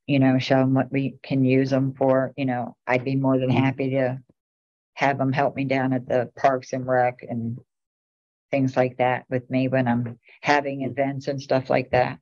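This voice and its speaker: A woman's voice: a bass voice, a little mellow. A middle-aged woman and town commissioner, rambling through casual anecdotes at a meeting. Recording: dull lo-fi meeting recording.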